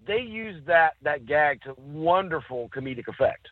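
A man co-hosting a casual chat, telling stories with lively acted-out quotes. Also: fairly high pitch, moderate pace, no echo. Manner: animated storyteller, acts out quotes. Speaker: podcast co-host. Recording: dry, tinny phone-like sound.

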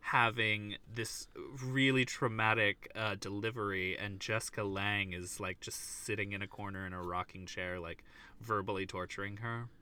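A man's voice: on the low side, fairly even intonation, normal speed, sharp tone, clear, resonant tone. A man hosting a film podcast, chatting casually and animatedly with lots of fillers and laughter. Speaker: podcast host.

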